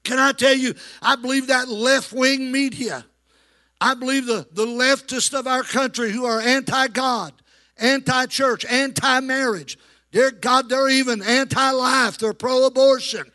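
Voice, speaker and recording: High bright-voiced preacher man. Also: fairly even intonation, measured pace. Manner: preaching with call-and-response to the congregation. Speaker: pastor. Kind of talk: sermon. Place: church.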